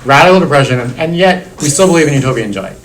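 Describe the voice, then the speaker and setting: A man's voice: medium pitch, expressive, quick pace, slight background noise, poor audio. A middle-aged man, a university lecturer, talking through theory in a classroom seminar, circling back with restarts and fillers. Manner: discursive, many restarts and "like" fillers.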